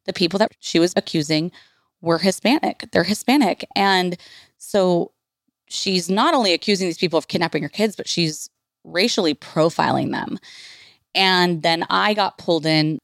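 Podcast host, woman, 30s, candid confessional storyteller, low gravelly voice, dry close recording. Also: normal speed, dry recording. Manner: candid, swears freely, many "like" fillers.

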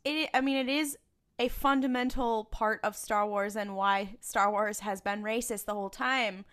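Animated woman, rambling casual chat. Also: medium pitch, normal speed. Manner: animated, rambling with many fillers. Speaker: podcast co-host.

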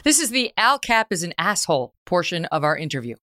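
A woman's voice: on the low side, sing-song, brisk, pushed and bright. A woman hosting a podcast interview, interjecting playfully. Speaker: podcast host. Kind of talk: interview chat.

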